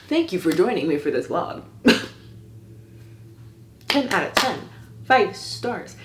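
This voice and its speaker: A woman book vlogger talks in an unhurried, drawn-out way, piling on theatrical, over-the-top reactions. Her voice sits a little low for a woman. The recording has a roomy echo. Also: sing-song, slight background noise. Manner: theatrical, gushing exaggeration. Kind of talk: casual reading vlog.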